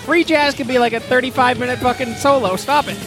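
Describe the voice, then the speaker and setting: A podcast co-host with a very high-pitched voice talks fast as he tells a crude, rambling story on a comedy show, swearing a lot and sounding exasperated. Loud free jazz plays behind him.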